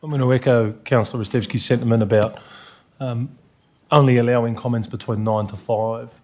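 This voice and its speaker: A man, a councillor speaking against a motion in a measured, slightly halting way in a council chamber. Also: medium pitch, steady tone, a little mellow. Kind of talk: council meeting speech.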